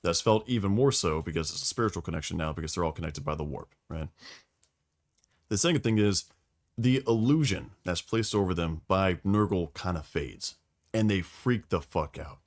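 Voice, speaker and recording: A man talks through lore on a casual podcast, swearing freely and acting out quotes as he tells the story. His voice sits a little low. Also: moderate pace. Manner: profane, animated storytelling with acted quotes. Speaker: podcast host explaining lore.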